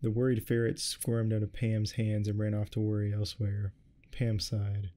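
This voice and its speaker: A man doing a soft-spoken ASMR reading of a story, deadpan with irreverent asides. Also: fairly low pitch, normal speed. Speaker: ASMR reader.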